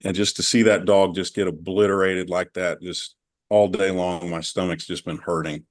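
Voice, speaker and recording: A man's voice: low-pitched, little pitch movement, moderate pace. A man on a video call with his coach, chatting candidly and rambling through a personal story. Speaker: coaching client. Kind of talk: casual call conversation.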